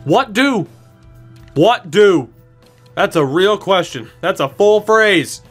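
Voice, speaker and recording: A man's voice: high voice, lively intonation, slow pace, faint music behind. A man commentating a video game he plays, exasperated and pleading, swearing often, with sarcastic asides. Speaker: gaming channel host.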